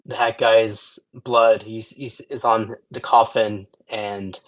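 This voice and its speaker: A man's voice: fairly low pitch, flat delivery, takes it slowly. A man co-hosting a casual podcast about horror films, speaking hesitantly with many fillers and restarts. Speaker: podcast co-host. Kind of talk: casual movie-review chat.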